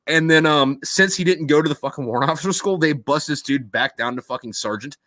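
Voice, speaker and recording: A man's voice: fairly high pitch, quick pace, hardly any pauses, sharp tone, no echo. A man hosting a podcast, telling a rambling, profane war story in casual chat and acting out quoted voices. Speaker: podcast host.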